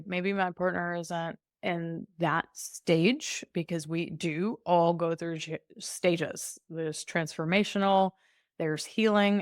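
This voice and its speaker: Brief candid woman guest coach, slightly low voice, dry close sound. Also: clear, resonant tone, dry recording. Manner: breezy and candid, laughs often, slips into playful voices. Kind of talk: conversational podcast interview.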